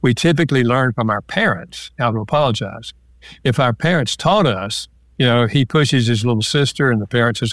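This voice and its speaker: Calm man explaining with examples. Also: medium pitch, fairly quick, dry recording. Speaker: author and marriage counselor guest. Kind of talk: relaxed interview talk.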